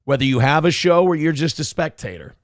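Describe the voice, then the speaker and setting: A man's voice: a little high, lively intonation, fairly quick, no room sound. A man hosting a livestream, giving a sarcastic, boastful, mock-solemn monologue into a close studio mic. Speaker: radio host streaming.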